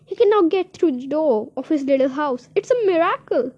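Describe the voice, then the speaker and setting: A gushing, exclamatory lady, thrilled and affectionate, her voice pitched up high and ringing out loud, as a woman reads her lines from a storybook. The recording is dull and lo-fi. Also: animated, moderate pace. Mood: excited. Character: excitable, affectionate woman, a tortoise lover.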